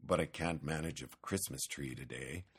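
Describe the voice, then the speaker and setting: A man voicing a calm, patient old farmer in a storybook reading, low, mild and dry. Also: normal speed, very noisy.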